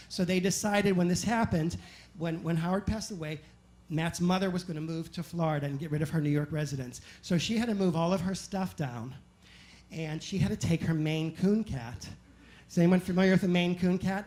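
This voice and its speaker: A man telling animated, self-mocking stories as a stand-up comedian on a club stage. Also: sits high, background noise. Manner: animated, self-mocking anecdotes with quick asides. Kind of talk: stand-up storytelling.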